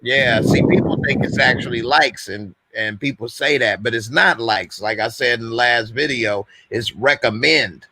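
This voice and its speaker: A man's voice: medium pitch, moderate pace, hardly any pauses, sharp tone, slight background noise. A man hosting a live call-in stream, talking in a loose, conversational way and going on at length. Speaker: host. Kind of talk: casual call-in chat.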